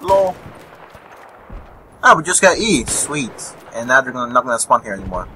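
A man's voice: mid-range voice, big pitch swings, normal speed, pushed and bright, a little hiss or hum, poor audio. A young man giving live gameplay commentary, rambling, swearing and chuckling at enemies, with game gunfire behind him. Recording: faint gunfire and vehicles behind. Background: game gunfire and explosions.

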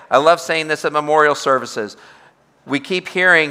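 Bright, emphatic pastor teaching in a hall. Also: male voice, medium pitch, measured pace, clear, resonant tone. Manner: emphatic, repetitive, asks the room questions. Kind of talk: bible study teaching.

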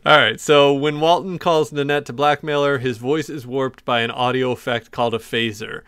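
A man's voice: mid-range voice, steady tone, moderate pace, fairly bright tone, smooth, dry recording. Dry-sounding man, casual co-host. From American South. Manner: reads trivia notes aloud in a chatty, joking way. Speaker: podcast co-host. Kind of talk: casual chat.

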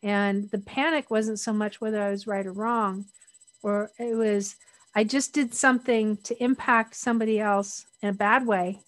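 A woman's voice: medium pitch, fairly even intonation, normal speed, dry recording. A middle-aged woman speaking as an interview guest, candid and reflective, often restarting her sentences.

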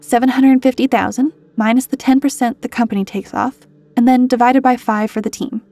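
A woman's voice: fairly high pitch, fairly even intonation, fairly quick, mellow, no room sound, lightly acted. A woman voicing a cheerful, practical female mercenary who chimes in breezily. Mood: breezy. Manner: chipper, chiming in.

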